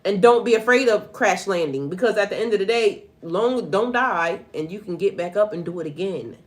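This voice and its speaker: Hosting a relaxed tarot livestream, this middle-aged spiritual life coach and tarot reader talks right to her audience at a normal speed. Her mid-range voice has a lively lilt, and she keeps breaking off into laughing, foul-mouthed anecdotes.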